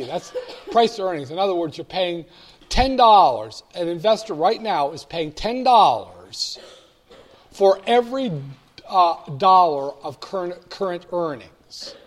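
A man's voice: on the high side, expressive, measured pace. A man giving a casual, chatty walkthrough of stock charts, with wry asides and frequent restarts. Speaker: stock market commentator. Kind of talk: casual screen-share market walkthrough.

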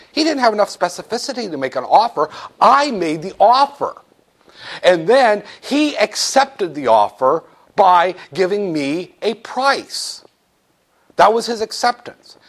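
A man with a high-pitched voice speaks at a measured pace while teaching business law to a class. He's animated and jokey, acting out little scenes as he lectures.

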